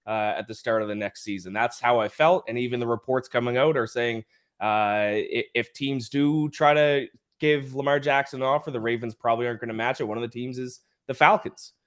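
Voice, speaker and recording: A man with a Canadian accent, hoarse from the flu, chatting casually as a podcast co-host. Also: mid-range voice, fairly quick. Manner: chatty, self-deprecating, stammers when excited.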